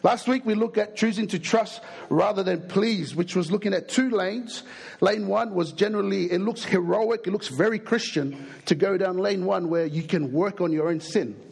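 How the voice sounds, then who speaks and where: A young adult man with an Australian accent preaching a sermon, an animated, jokey storyteller who acts out the people in his stories. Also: high-pitched, moderate pace, gravelly, slightly rough.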